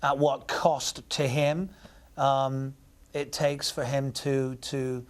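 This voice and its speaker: A man's voice: medium pitch, level tone, takes it slowly, a little hiss or hum. An English man talking about his acting work in an interview, thoughtful and often searching for his words. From England. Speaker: actor guest. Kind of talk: reflective interview answers.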